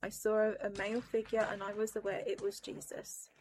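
A woman recounts a vision in a solemn, intense way. Her voice sits in a middle pitch. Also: level tone, fairly quick, darkish tone, a little hiss or hum. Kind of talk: personal testimony of a vision.

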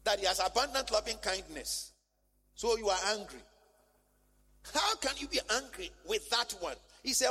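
Male pastor, high lively delivery, sermon in a reverberant church. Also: moderate pace, breathy edge. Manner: animated, conversational, rhetorical questions. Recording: long church-hall reverb.

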